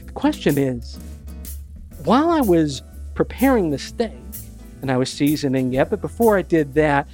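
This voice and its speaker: An earnest young newlywed wife, voiced by a man telling a joke, bright and sing-song as she insists she knows how it's done. Her voice sits well above the teller's own. Faint music runs behind her. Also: on the high side, big pitch swings, normal speed. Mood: eager.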